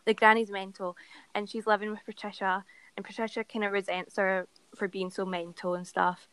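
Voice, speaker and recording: A woman's voice: medium pitch, flat delivery, normal speed, a bit bright, clean tone, no echo, poor audio. A woman co-hosting a podcast, chatting casually and playfully about a book, laughing often. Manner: giggly, playful. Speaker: podcast co-host.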